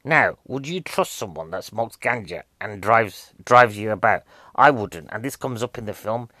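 A man's voice: fairly low pitch, lively intonation, moderate pace, pushed and bright, no room sound. A man giving a casual, jokey, rambling film review, a bit out of breath.

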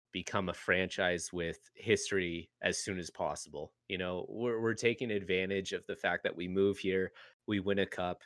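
A man's voice: low-pitched, a bit bright, no room sound. A man hosting a podcast, chatting casually with guests on a call, swearing now and then and laughing easily. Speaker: podcast host.

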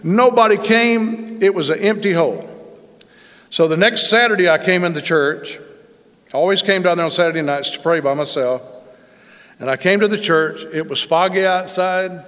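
A man's voice: fairly high pitch, normal speed. Man, pastor, storytelling sermon, dramatic delivery, long reverberant church sound. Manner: dramatic, swings from loud emphasis to hushed asides.

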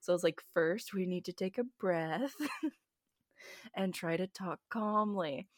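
A woman's voice: on the low side, unhurried, no room sound, studio quality. A young woman podcast co-host who laughs often and reacts with amused questions in casual chat.

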